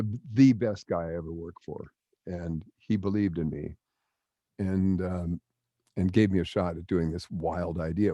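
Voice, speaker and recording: An older man, a veteran broadcaster, telling lively stories in an interview and acting out the quotes. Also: low voice, dry recording. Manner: animated storyteller acting out quotes. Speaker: guest, broadcaster. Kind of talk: storytelling interview.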